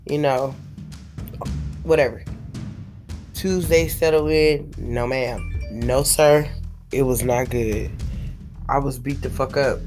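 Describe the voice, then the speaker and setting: A woman vlogger, hoarse and worn out after being sick, tells a rambling, profane story to her viewers with lots of fillers. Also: a bass voice, a little slow, pauses often, over music. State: tired and hoarse after a week of illness.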